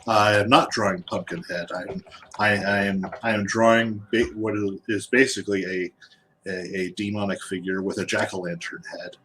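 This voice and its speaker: A man, an artist and guest, chatting casually while he draws, halting and repeating words as he goes. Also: on the low side, steady tone, a bit bright, a little hiss or hum. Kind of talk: casual chat while drawing.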